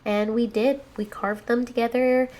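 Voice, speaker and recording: A mother co-hosting a podcast, telling a lively story about her child in a casual, animated way. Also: on the high side, a little slow. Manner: animated, acts out a child's voice in anecdotes.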